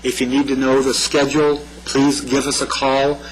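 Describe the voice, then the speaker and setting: A man's voice: medium pitch, completely flat delivery, moderate pace, low-quality recording. Guy doing a community safety talk, rambly and casual, bit of hum on the recording. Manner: conversational, repeats himself, asks "right?". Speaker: public safety presenter. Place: meeting room.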